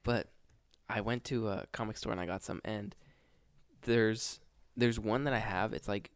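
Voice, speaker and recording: A man's voice: on the low side, steady tone, moderate pace, clean tone, dry recording, studio quality. A man co-hosting a podcast, talking in a laid-back, slangy way with many hesitations. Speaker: podcast co-host. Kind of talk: casual chat.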